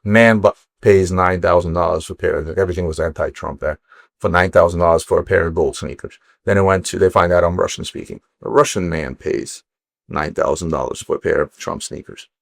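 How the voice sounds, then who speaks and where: A middle-aged man from Ukraine, a watch dealer, telling stories in casual chat, animated and swearing freely. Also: low voice, a little fast, vocal fry, no room sound, studio quality. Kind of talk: casual storytelling.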